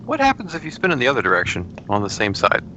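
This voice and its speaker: A man's voice: medium pitch, wildly swooping pitch, quick pace, pushed and bright. A man playing a tabletop game, making wry, speculative jokes to the group. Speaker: player. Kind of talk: casual tabletop game chat. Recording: lo-fi recording with clear background noise.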